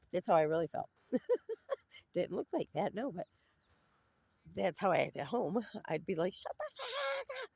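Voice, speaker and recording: Filming on her phone beside a duck pond, a woman rambles to camera in a cranky, irritable vent. Her voice is lowish and gravelly, with no room sound.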